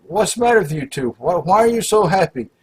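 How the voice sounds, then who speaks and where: A man's voice: high-pitched, lively intonation, a little fast, darkish tone, slight background noise, pitched above the performer's own voice. A man voicing a baffled, angry male devil in a joke, asking indignant, incredulous questions. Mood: exasperated. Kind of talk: joke told aloud.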